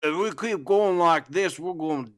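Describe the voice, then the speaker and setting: A man's voice: fairly high pitch, a little slow, pitched above the performer's own voice, lightly acted. Man putting on a blustery Australian bushman. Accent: put-on Australian. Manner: jokey, exclaiming, blustery. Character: rowdy male Australian bushman hunting rocks. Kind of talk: comedic fan dub.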